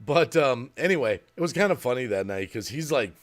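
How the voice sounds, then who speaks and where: A man's voice: mid-range voice, lively intonation, a little fast. A middle-aged man from Wisconsin chatting casually on a live stream, rambling and reading chat comments aloud. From Wisconsin, USA.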